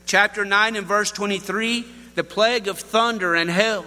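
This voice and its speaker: A man's voice: high voice, normal speed, bright, forceful tone, long reverb tail. A man preaching a sermon, telling folksy stories and addressing the congregation directly. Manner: folksy storytelling with Southern address.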